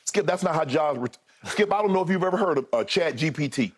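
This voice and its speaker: A man's voice: fairly high pitch, lively intonation, fast talker. A man co-hosting a sports debate show, emphatic and repetitive, often calling his partner by name. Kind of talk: animated sports debate talk.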